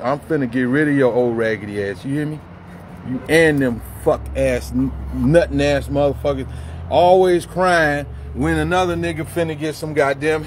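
A man's voice: on the high side, slight background noise. A man vlogging outdoors by a busy street corner on a handheld phone, talking in heavy street slang and slipping into a profane, heated rant. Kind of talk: casual walking vlog turning into a rant. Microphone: handheld phone camera.

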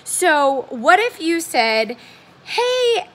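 A young woman with a high, bright voice talks in a casual, upbeat coaching style. She sometimes slips into a livelier tone to act out example messages. Her delivery is friendly and energetic. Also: normal speed. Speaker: direct sales consultant giving tips. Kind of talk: casual coaching talk to camera.

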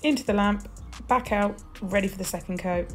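A British nail technician chats casually while swatching polishes in a tutorial, gushing with little exclamations as she goes. Her voice is medium-pitched and fairly quick, with soft music in the background.

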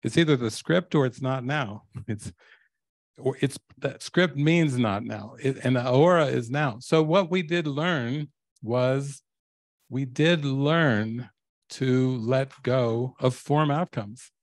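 A man's voice: mid-range voice, slow, no room sound. An older man, a spiritual teacher, telling stories to a live audience and laughing often. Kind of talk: storytelling talk to a live audience.

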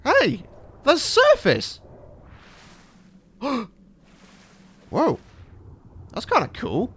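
A British man commentating a game he is playing, excitable and prone to panicked shouts and yelps. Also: very high voice, very slow, long pauses, breathy edge. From Britain. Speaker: gaming channel host. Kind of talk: let's play commentary.

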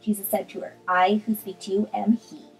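A woman's voice: mid-range voice, level tone, brisk, vocal fry, breathy edge, faint music behind, rough recording. A woman vlogger chatting casually with lots of ums, then reading a Bible chapter aloud. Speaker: art vlogger. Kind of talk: casual chat and scripture reading.

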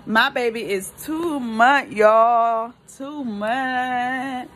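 Slow-talking emotional young mother vlogger. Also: fairly high pitch, fairly bright tone, a little hiss or hum. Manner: slow, emotional, talks to viewers as "y'all". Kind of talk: casual family vlog chat.

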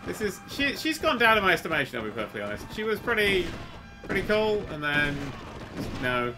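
A man giving sweary, excitable commentary while playing a video game, often jumping to shouts. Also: high-pitched, moderate pace, over music. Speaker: let's play host. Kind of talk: gameplay commentary. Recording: game noise behind the voice. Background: gunfire and game sounds.

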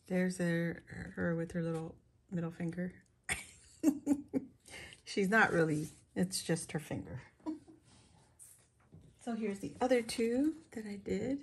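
A woman talks her viewers through her latest craft pieces in a relaxed, chatty vlog. She takes her time, with a voice that sits a little low, and she laughs easily as she goes. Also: takes it slowly, long pauses, slightly rough. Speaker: crafting vlogger.

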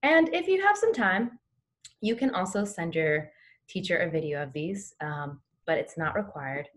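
Lively encouraging woman teaching. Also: lowish voice, moderate pace. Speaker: teaching artist. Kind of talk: guided lesson for kids at home.

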